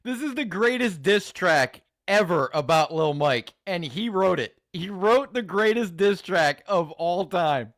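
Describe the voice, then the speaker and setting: A man hosting a live reaction stream, talking in an excitable, profane, mock-enthusiastic way. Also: sits high, measured pace, hardly any pauses, dry recording, clean studio sound. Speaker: host reacting to videos.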